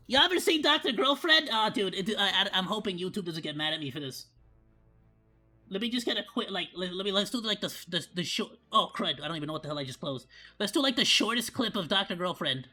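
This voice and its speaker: Male streamer, bright cartoonish monkey voice, rambling and casual. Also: lively intonation, fast talker, faint music behind. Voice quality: put-on high cartoonish monkey voice. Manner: rambling, lots of fillers and restarts. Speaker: VTuber streamer.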